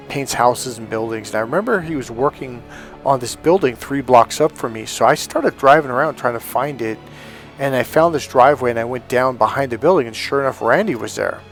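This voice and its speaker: A middle-aged man, a relationship coach, telling a personal story in a casual monologue, acting out the voices of the people he quotes, with lots of fillers. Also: medium pitch. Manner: animated, acts out quoted voices, many fillers.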